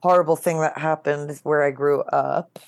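A woman's voice: deep voice, fairly even intonation, normal speed, gravelly, a little mellow. A woman guest on a podcast, an actress and writer, chatting casually with a playful, self-mocking manner. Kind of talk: casual interview chat.

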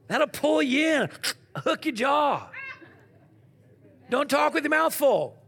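A man preaching a sermon, asking the congregation questions and swinging from loud to quiet. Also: very high-pitched, takes it slowly, pauses often. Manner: animated preaching with call-and-response questions. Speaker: pastor.

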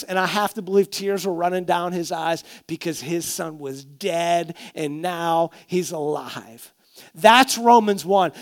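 A male pastor preaching a sermon, telling stories expressively, dropping to a hush and then rising loud. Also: high-pitched.

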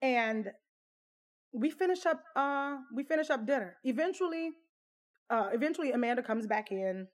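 Woman telling her own story, chatty, lots of "like" and "you know", kinda high voice. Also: lively intonation, moderate pace. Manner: candid, conversational, full of fillers. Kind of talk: casual personal storytelling.

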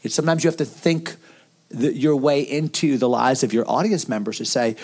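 Animated man asking rhetorical questions. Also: medium pitch, fairly quick. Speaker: pastor. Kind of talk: round-table discussion on preaching.

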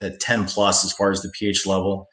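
A man being interviewed as a company founder, halting and full of fillers, speaking over a video call. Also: low voice, completely flat delivery, fairly bright tone, reverberant. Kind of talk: casual interview.

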